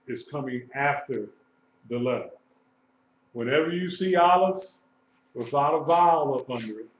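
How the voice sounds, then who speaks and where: A man teaching a live-streamed lesson, explaining slowly and repeating key points. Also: medium pitch, a little hiss or hum. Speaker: Hebrew teacher. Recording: echoey room, dull lo-fi sound.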